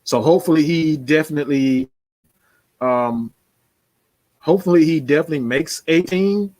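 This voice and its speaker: A man's voice: fairly high pitch, normal speed, darkish tone, no room sound. A man giving casual, slangy football commentary, talking loosely with frequent laughs. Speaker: sports commentator. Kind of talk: casual sports talk.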